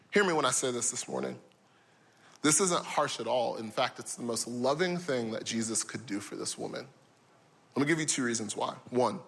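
A young man delivering a sermon in a high, bright voice. He tells the story vividly, leaping up into loud, excited character voices and then dropping low and soft for reflection. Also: brisk. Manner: animated storytelling, voicing characters with big pitch swings. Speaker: pastor.

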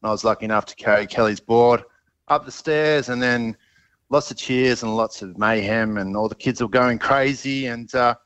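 A man's voice: medium pitch, normal speed, fairly bright tone, clean tone. A man, a podcast host, recounting events as a guest on a radio show in an upbeat way. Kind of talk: radio interview over a line. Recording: dull lo-fi line.

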